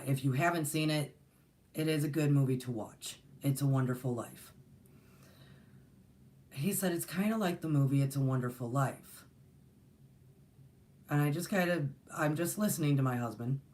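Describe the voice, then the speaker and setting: A middle-aged woman, a spiritual teacher and channel host, tells a personal story in a very deep, slightly mellow voice. Her casual monologue is rambling and earnest, full of fillers and restarts.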